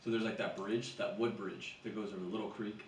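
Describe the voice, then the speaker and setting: Young male co-host, low voice, rapid rambling profane delivery; echoey room, mic far off. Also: fairly even intonation, a little hiss or hum. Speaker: podcast co-host. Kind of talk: casual chat.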